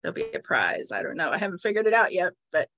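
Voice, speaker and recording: A woman's voice: lowish voice, sing-song, fast talker, muffled recording. A woman guest on a casual team video call, talking tentatively as she thinks aloud.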